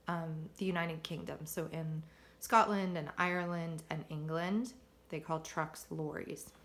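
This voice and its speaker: Patient woman explaining new words. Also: fairly low pitch. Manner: explains vocabulary, patient and encouraging. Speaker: teacher. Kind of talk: reading a picture book aloud to students. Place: home.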